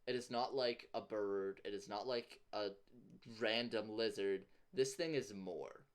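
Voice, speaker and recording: A man runs a tabletop game as game master and narrates in an unhurried way. He keeps a relaxed tone and laughs often. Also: on the low side, clear, resonant tone.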